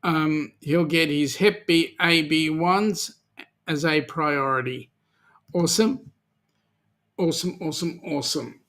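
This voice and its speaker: A man's voice: on the high side, unhurried, fairly bright tone. An Australian man hosting a live chat show, reading out viewer comments and joking around with many ums. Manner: chatty, jokey, many ums. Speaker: host.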